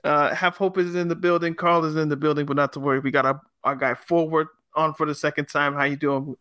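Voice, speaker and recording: A man hosting a casual football podcast, talking in a lively, jokey way. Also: fairly high pitch, brisk, dry recording. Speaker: podcast host.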